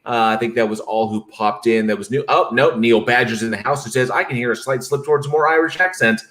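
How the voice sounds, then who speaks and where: A man's voice: medium pitch, quick pace, a bit bright. A man hosting a casual podcast, upbeat, greeting viewers by name and reading their comments. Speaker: podcast host.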